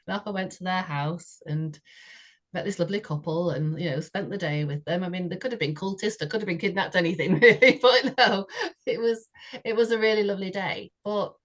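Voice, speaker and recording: A woman's voice: lowish voice, brisk. A woman, a podcast co-host telling a personal story in a chatty way, often laughing and saying "you know". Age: 60s.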